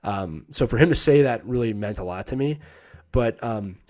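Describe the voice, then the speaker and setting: Animated man telling a story. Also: mid-range voice, moderate pace. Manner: animated, acts out quoted voices, laughs often. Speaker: host telling a personal story. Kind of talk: casual live-stream storytelling. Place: home, live-streamed.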